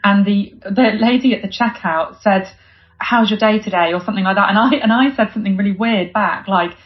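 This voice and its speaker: A woman from Britain hosting a podcast interview, chatty and quick to laugh, with lots of fillers. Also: mid-range voice. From United Kingdom. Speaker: podcast host. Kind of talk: conversational interview. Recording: dull lo-fi audio.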